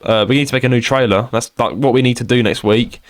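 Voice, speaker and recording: A man's voice: medium pitch, fairly even intonation, fast talker. A young man with a Kent English accent, co-hosting a casual podcast chat, rambling and laughing often. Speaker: podcast co-host.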